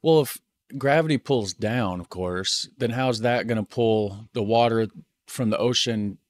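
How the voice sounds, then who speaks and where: A man's voice: on the low side, a little slow. An American man hosting a reaction channel, chatting casually and repeating words as he thinks aloud. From United States.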